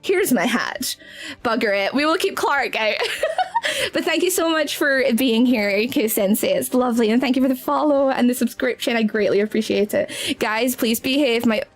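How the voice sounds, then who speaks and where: A woman's voice: fairly high pitch, normal speed, soft background music. A woman with a Scottish accent chatting casually on a live stream as a VTuber, giggly, easily flustered and affectionate toward her viewers.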